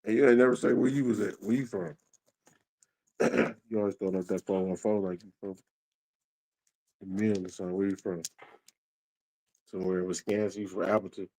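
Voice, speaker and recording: A man's voice: fairly low pitch, steady tone, brisk, long pauses, darkish tone, poor audio. A man hosting a casual livestream, reading viewer comments aloud and chatting in a laid-back, slangy way. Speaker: livestream host.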